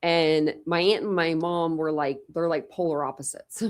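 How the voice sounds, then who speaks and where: A woman's voice: sits low, fairly even intonation, normal speed. A talkative young woman hosting a casual panel chat, telling stories with lots of quoted voices. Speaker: channel host.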